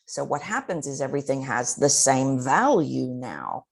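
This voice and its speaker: A woman with a notably low voice gives expert advice as a voice coach. She talks expressively and often demonstrates the techniques she describes. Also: animated, moderate pace, vocal fry, breathy edge. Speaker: voice coach guest.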